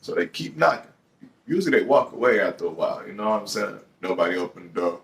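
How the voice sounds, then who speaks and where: A man with a Detroit accent tells a story from his own life in loose, profane street talk and jumps into loud acted-out bits. His voice sits low and heavy. He sounds a little far from the mic. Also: expressive, fast, gravelly. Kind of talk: casual storytelling.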